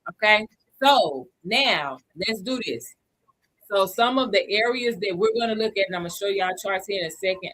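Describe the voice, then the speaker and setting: A woman's voice: mid-range voice, lively intonation, moderate pace, a bit bright, slight background noise. A woman hosting a livestream lesson for beginners. She talks casually, greets viewers by name between points, repeats the key figures and checks that everyone follows. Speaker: crypto educator hosting a livestream.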